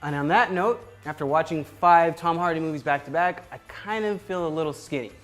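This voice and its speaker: A man's voice: on the high side, brisk, faint music behind. Casual American male host. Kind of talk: casual chat.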